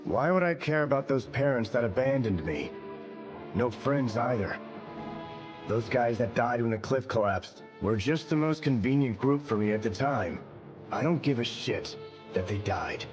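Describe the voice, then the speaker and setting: A man voicing an embittered, violent young male criminal in an anime dub, shouting in anguish and defiance. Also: mid-range voice, expressive, moderate pace, over music, natural voice. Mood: bitter. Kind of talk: English anime dub acting.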